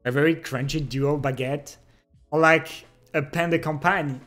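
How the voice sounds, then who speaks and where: A young man chatting casually with his stream chat, relaxed and giggly. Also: on the high side, measured pace, soft background music. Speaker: livestreamer. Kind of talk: casual chat reading and answering viewer chat.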